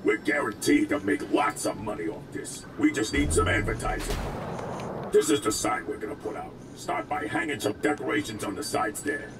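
A man's voice: fairly low pitch, sing-song, moderate pace, vocal fry, very noisy. An actor voicing a businesslike male robot shop boss in a video game, giving matter-of-fact instructions. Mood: instructing. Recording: game music behind. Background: music.

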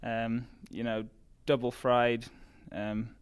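Young Geordie man, smooth voice. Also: medium pitch, takes it slowly. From Newcastle, England. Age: young adult. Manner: relaxed, many fillers like "like" and "um". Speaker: college runner, guest. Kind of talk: casual interview chat.

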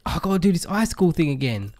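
A man's voice: fairly high pitch, sing-song, quick pace, darkish tone. A man hosting a casual video-game session, teasing his partner and laughing often. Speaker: gaming host.

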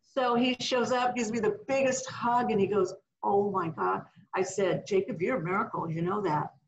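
A middle-aged woman minister, a podcast guest, telling a healing testimony in an animated way and acting out the voices she quotes. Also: mid-range voice, moderate pace, muffled recording, slight background noise. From California.

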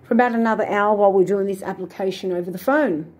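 Woman, indignant rambling storyteller; darker, slightly husky tone. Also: medium pitch, quick pace, a little mellow. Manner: aggrieved, indignant retelling with many fillers and restarts. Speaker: vlogger.

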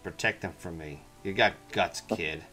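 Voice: low-pitched, moderate pace, pushed and bright, husky, faint music behind, voice pushed down, exaggerated voice. A player voicing a menacing male sorcerer-king villain while reading game dialogue aloud. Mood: taunting.

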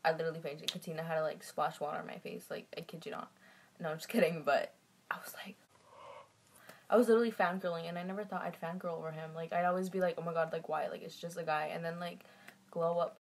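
A woman's voice: sits low, steady tone, fast. A teenage girl vlogging casually, giggly and gossipy, filling her talk with "literally" and "like.". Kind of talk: casual vlog chat. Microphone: phone camera. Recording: noisy phone video.

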